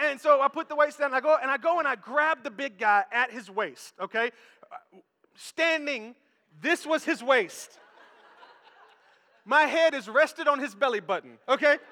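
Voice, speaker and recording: A man preaching a sermon, telling a story and acting out the people in it with lively energy. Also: very high voice. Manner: storytelling, animated, acts out quotes. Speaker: pastor. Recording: long hall reverb.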